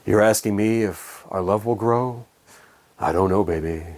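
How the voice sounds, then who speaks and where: A man doing an impression of a male celebrity crooner who talks his way through song lyrics in a slow, murmured voice. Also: lowish voice, a little mellow, voice pushed down, natural voice. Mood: crooning.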